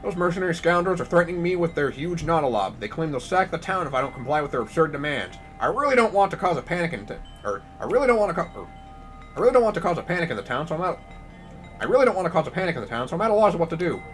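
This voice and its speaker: A man's voice: fairly high pitch, sing-song, rapid-fire, fairly bright tone, soft background music. A man voicing a nervous, fussy middle-aged woman who is a village mayor in a video game, chattering politely while flustered.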